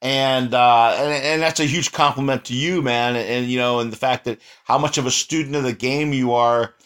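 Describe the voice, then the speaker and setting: A man's voice: mid-range voice, fairly even intonation, normal speed, fairly bright tone. A man hosting an interview, praising his guest with effusive enthusiasm. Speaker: interview host. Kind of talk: casual interview chat.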